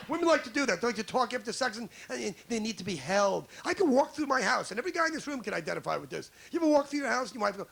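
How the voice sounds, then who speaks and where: A brash stand-up comedian in his forties, from New York, rants at a club crowd in a high, gravelly voice. The live recording carries clear audience noise behind him. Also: big pitch swings, fast talker, few pauses. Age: 40s. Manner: brash, crowd-baiting, ranting.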